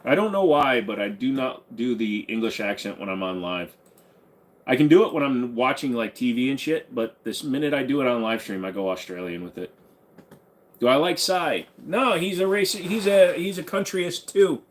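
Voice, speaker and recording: Casting: mid-pitched male streamer, easygoing and rambling, riffs on chat questions. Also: normal speed. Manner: relaxed, rambling, reads viewer questions aloud and jokes back. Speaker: livestream host answering chat. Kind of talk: casual livestream Q&A.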